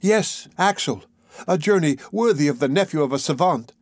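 A man reading aloud voices a brave, devoted young woman from a classic novel, raising his voice and speaking softly and earnestly. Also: fairly high pitch, expressive, normal speed, no echo, clean studio sound.

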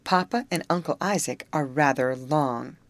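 A woman reading the part of a gentle, worried teenage girl in an audiobook. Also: deep voice, moderate pace, no echo. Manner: soft and hesitant.

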